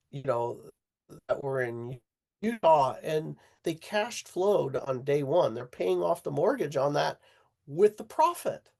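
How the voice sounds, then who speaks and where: A man telling a personal story in an interview, halting in places and acting out the voices of the people in it. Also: on the high side, creaky. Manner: halting, animated storyteller who acts out quoted voices. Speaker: interview guest. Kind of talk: casual storytelling.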